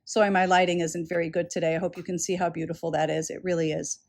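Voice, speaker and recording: A woman's voice: fairly low pitch, level tone, fast, gravelly, a little mellow. A woman vlogging a casual haul video about jewelry she bought, chatty and enthusiastic, often repeating words for emphasis. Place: indoors, traveling.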